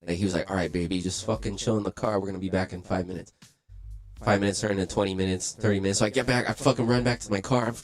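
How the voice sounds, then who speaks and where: A young man with a lowish voice tells a story in loose, swearing street talk. He jumps into the voices of the people he quotes and keeps the telling lively. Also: racing. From Los Angeles. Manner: profane, animated, acts out quoted voices. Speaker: livestream host. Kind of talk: casual storytelling.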